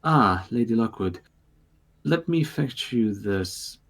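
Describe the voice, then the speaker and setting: A man's voice: on the low side, lively intonation, slow, creaky, full character voice. A man voicing a male astropath aboard a starship, speaking formally and fumbling a little as he talks. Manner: ethereal, formal, a little flustered.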